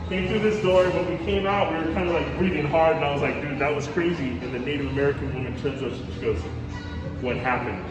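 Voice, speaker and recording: A man's voice: a little high, fast talker, few pauses, reverberant, music in the background, low-quality recording. A man, a hotel manager, telling a ghost story in casual chat, acting out what people said and saying bro and dude. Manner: animated, acts out quotes, says bro and dude.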